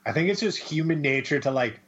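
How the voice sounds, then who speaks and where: A man's voice: fairly high pitch, animated, a little fast, fairly bright tone, dull audio. A man chatting casually as a podcast host, joking with crude banter. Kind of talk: casual chat. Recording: faint background noise.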